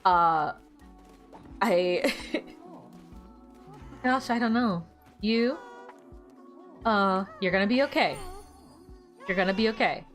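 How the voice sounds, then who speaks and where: A woman's voice: mid-range voice, slow, long pauses, soft background music. A young woman streaming a game and chatting casually, teasing the characters on screen and laughing often. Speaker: gaming streamer. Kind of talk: casual gameplay livestream chat.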